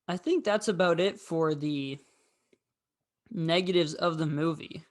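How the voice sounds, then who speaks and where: A man's voice: on the high side, unhurried. A man hosting a casual film review, talking in a rambling, candid way with frequent fillers.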